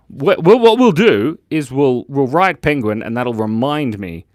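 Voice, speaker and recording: A playful Australian man chats his way through a live drawing session, cracking jokes and answering viewers as he goes. His mid-range voice swoops up and down with lively energy, and the recording is close and dry with no room sound. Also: medium pitch, measured pace, no room sound. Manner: playful and jokey, reading out viewer chat. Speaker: host of a live drawing stream. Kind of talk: casual live-stream chat while drawing.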